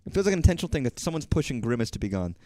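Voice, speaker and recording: A man's voice: medium pitch, big pitch swings, racing, a little mellow, dry recording. A man from Texas streaming, rambling casually, joking and swearing as he talks.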